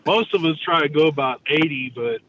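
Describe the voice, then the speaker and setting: A man's voice: a little fast, fairly bright tone. A man calling in while driving, easygoing and drawling. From Texas. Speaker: caller. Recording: muffled phone call with road rumble.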